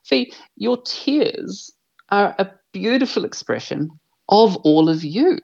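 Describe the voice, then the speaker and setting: A man's voice: sits high, expressive, takes it slowly, creaky, darkish tone, muffled recording. A man, an earnest and reflective podcast guest who swears freely. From New Zealand. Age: 40s. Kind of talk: podcast conversation.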